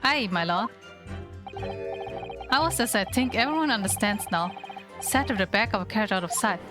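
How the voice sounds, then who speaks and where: A woman's voice: medium pitch, animated, moderate pace, natural voice. A woman voicing a plain-spoken Irish male witness giving matter-of-fact testimony over game music.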